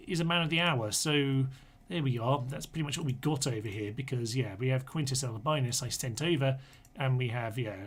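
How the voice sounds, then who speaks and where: A man talks his way through a strategy game on a live stream, in a relaxed and rambling manner. His voice sits at an ordinary middle pitch. He drifts into chatty, self-mocking asides as he goes. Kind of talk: casual live-stream commentary.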